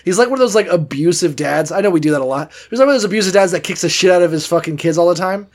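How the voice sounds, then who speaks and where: Brief: a podcast co-host, male, with a gravelly and slightly high voice, profane and jokey. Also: racing. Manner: irreverent, profane, jokey retelling of scripture. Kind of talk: casual chat.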